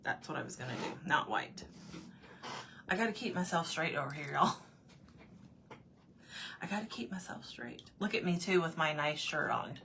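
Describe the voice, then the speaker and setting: A woman's voice: low-pitched, expressive, normal speed, vocal fry, pauses often, bright, forceful tone, slight background noise. A woman chatting casually with her livestream viewers while she paints at home, answering their comments and laughing often. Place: home room with desk.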